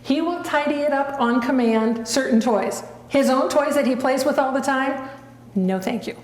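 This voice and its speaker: A dog trainer demonstrates her dog's tricks, talking casually and coaxing it along with brief, patient commands. She speaks at a moderate pace in a voice that sits high, recorded in an echoey room with some faint background noise.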